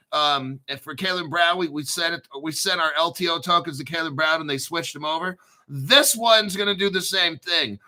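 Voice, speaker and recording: A man's voice: high-pitched, pushed and bright. A man hosting his own crypto channel, talking in a profane, hyped and rambling casual rant with sudden bursts of emphasis.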